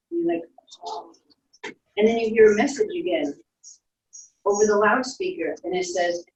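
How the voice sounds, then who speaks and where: Echoey woman telling a guided story. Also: mid-range voice. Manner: soft storytelling, playful sound effects. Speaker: instructor leading a guided visualization. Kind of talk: guided imagination story for children. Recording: echoey room, distant from mic.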